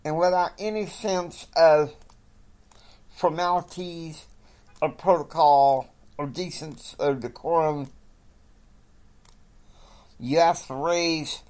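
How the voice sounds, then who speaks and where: A man putting on a furious young CEO who rants at his staff in a raised, strained voice. He shouts each accusation louder than the last, in a homemade spoken story. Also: animated, unhurried, hardly any pauses. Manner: shouting tirades, higher and louder than the narration. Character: furious young male CEO, ranting boss.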